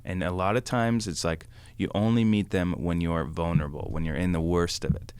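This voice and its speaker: A man's voice: low voice, steady tone, brisk, darkish tone, smooth, no echo. A man chatting as a podcast guest, telling stories in a rambling, casual way with many fillers. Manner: rambling, lots of fillers and acted quotes. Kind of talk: casual storytelling.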